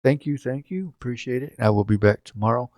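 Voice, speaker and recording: A man's voice: mid-range voice, brisk, darkish tone, no room sound, studio quality. A man hosting a casual live stream from his home setup, rambling and joking as he talks to viewers in chat by name. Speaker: livestream host.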